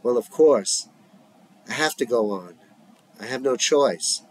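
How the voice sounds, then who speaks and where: Defiant, shaken young woman, man reading, soft and low-key. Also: expressive, takes it slowly, poor audio. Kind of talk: reading a script aloud.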